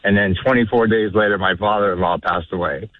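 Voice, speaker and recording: A man's voice: lowish voice, steady tone, fairly quick, dry recording. A man calling into a radio show, speaking earnestly and sincerely. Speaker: caller. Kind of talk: call-in radio chat. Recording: tinny phone line.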